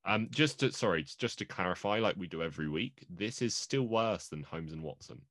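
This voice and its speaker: A man's voice: low voice, lively intonation, brisk, a bit bright, no room sound, studio quality. A man co-hosting a casual movie podcast, joking and playful, often laughing. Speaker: podcast co-host.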